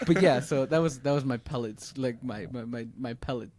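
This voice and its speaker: A man's voice: mid-range voice, fairly even intonation, brisk, hardly any pauses, darkish tone. Profane rambling young man telling stories. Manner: profane, rambling storytelling with many fillers. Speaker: podcast co-host. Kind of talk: casual chat among friends.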